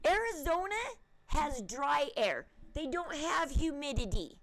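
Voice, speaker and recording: A woman's voice: sits high, lively intonation, a little slow, crowd noise, low-quality recording. A woman host rambling casually to her viewers in a chatty, emphatic way. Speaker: channel host.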